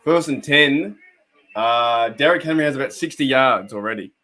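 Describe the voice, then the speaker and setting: This young Australian man speaks in a mid-range voice at normal speed, and his tone is bright and forceful. Hosting a laid-back fan stream, he chats in a rambling way with viewers, remarks on the game, laughs often, and says hello to viewers by name.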